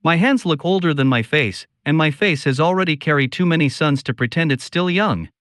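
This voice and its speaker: A man tells a dramatic first-person story in a slow, solemn, confiding manner. His voice sits a little high for a man, and the sound is dry and close. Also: lively intonation, a bit bright, dry recording.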